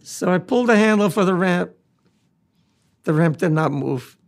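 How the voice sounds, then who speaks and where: High, gravelly old man telling war memories. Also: expressive. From United States. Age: 90s. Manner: plain, halting, repeats key phrases. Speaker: war veteran recounting memories. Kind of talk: personal testimony storytelling.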